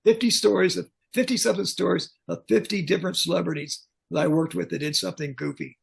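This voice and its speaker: Gravelly older man telling blunt stories. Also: high voice, fast. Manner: blunt, joking, animated anecdotes. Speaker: guest, pyrotechnics technician. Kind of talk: casual storytelling interview.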